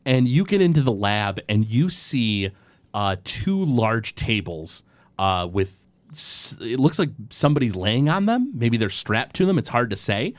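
A man's voice: mid-range voice, big pitch swings, unhurried, dry recording. A man narrating as game master, describing scenes in a rambling way with many fillers and restarts.

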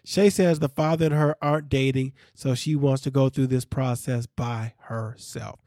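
A man hosting a casual recap podcast, talking in an animated way, laughing and quoting people as he tells the story. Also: mid-range voice, moderate pace, no room sound, clean studio sound. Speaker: podcast host.

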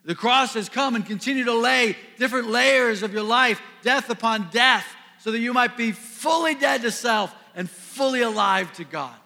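A pastor from the Midwest preaching a sermon to a congregation, earnest, building to emphatic peaks and dropping soft. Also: male voice, very high-pitched, normal speed, hardly any pauses. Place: church sanctuary. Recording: long reverb of a large hall.

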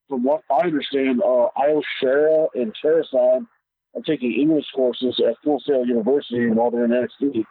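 A man's voice: on the high side, creaky, breathy edge, dry recording. A man with a mid-range voice chatting on a podcast. He stumbles and repeats his words, and he comes through a tinny, phone-like line that is dry and close. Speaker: podcast co-host. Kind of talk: casual chat.

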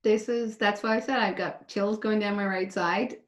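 A woman's voice: mid-range voice, steady tone, normal speed. A woman therapist who is a guest on a podcast, speaking earnestly and animatedly over a remote call from her home. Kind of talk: heartfelt conversational chat. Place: home in Ireland. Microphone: remote call recording. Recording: roomy remote call audio.

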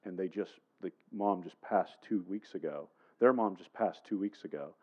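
Low-voiced pastor telling a story. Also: male voice, normal speed, slightly rough, lo-fi sound. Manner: storytelling, conversational, addresses the congregation. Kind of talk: sermon.

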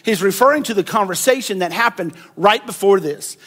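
A pastor delivers a sermon in a conversational way. His voice sits high for a man. He acts out the people in his story with animated delivery. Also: a little fast, husky. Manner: animated, conversational preaching with acted-out quotes.

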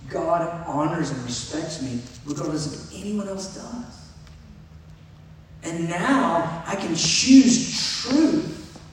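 Slowly and easily, a middle-aged pastor preaches a sermon as if talking casually with his flock. His somewhat high male voice comes from well off the microphone, echoing through a big church hall where faint noise lingers.

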